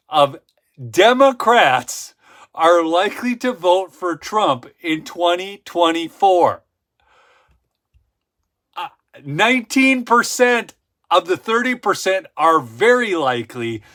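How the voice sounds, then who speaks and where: Male livestream host, emphatic ranter with a bright, slightly high voice; casual commentary full of asides. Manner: ranting, emphatic, repeats for effect; frequent "okay?" asides and self-interruptions.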